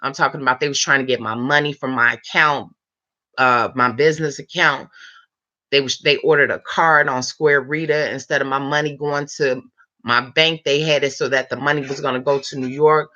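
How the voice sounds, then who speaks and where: A woman of about fifty chatting late at night, telling a long story time in an animated, rambling way with lots of fillers. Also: rumbling low, moderate pace, highs cut off. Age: 50s. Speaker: vlogger.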